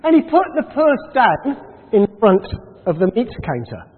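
A man telling an illustrative story in a sermon, animated with dramatic pauses, heard through a tinny recording in a reverberant hall. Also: sits high, breathy edge. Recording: tinny phone-like sound with long hall reverb.

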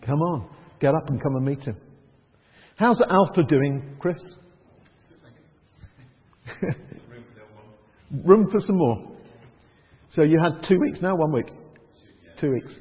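A man preaching a conversational sermon in church, lively and chuckling, dropping to soft prayerful tones. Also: fairly high pitch, slow, pauses often, big-room sound, narrow, tinny audio.

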